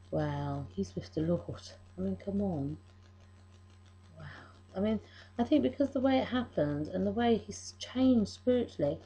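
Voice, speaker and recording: Husky-voiced woman, halting and emotional. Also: lowish voice, mellow, poor audio. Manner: emotional, halting, many restarts. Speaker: vlogger. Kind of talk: personal faith video diary.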